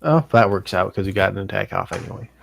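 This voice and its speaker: A man narrating as game master in a tabletop game, describing the scene in a steady, matter-of-fact way. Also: low voice, fast, gravelly, slight background noise.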